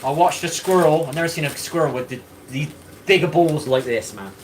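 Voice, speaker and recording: A man's voice: fairly high pitch, fairly quick, a little hiss or hum. A man hosting a live stream in casual chat, rambling, swearing and greeting viewers by name.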